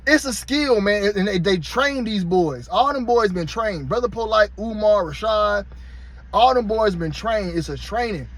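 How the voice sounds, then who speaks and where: Blunt, high-pitched man ranting. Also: expressive, unhurried. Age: 30s. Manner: blunt, heated, profane. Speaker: vlogger. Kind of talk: casual rant to camera.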